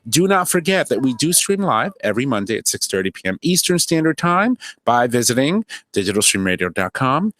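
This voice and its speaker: A man's voice: mid-range voice, big pitch swings, fairly quick, hardly any pauses, fairly bright tone. A man hosting a podcast, reading upbeat closing announcements. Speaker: podcast host.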